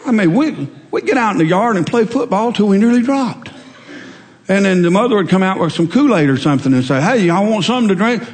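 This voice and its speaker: Male pastor, folksy storyteller, slightly high voice, long church reverb. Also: lively intonation, fairly quick. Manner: folksy storytelling, conversational, rising emphatic peaks. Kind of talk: sermon. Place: church sanctuary.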